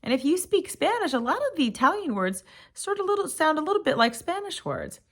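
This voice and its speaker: A woman's voice: sits high, big pitch swings. A woman teacher reading a picture book aloud to young children, asking them encouraging questions. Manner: slow, encouraging questions to kids.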